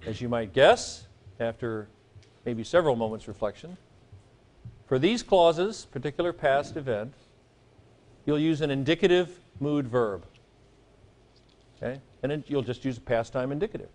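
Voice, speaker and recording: Middle-aged man, classroom Greek teacher, casual and joking, mid-pitched voice. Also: lively intonation, normal speed, pauses often, a little mellow. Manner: chatty, joking asides, frequent "okay?" checks. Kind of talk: classroom lecture.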